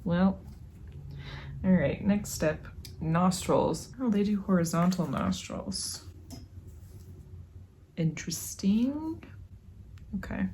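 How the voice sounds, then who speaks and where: A woman's voice: fairly low pitch, lively intonation, slow pace, pauses often, warm tone, a little hiss or hum. A young woman casually chatting at home while she crochets, rambling and muttering to herself with sighs as she works. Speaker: crochet vlogger.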